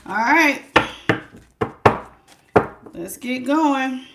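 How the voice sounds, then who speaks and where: A woman doing a casual live tarot reading, chatty and lively, calling her viewers baby and honey. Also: medium pitch, moderate pace, heavy background noise. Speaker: tarot reader.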